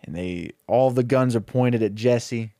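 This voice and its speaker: A young man casually pitching a comedic story, rambling and acting out the characters' lines. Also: measured pace, warm tone, no room sound, clean studio sound.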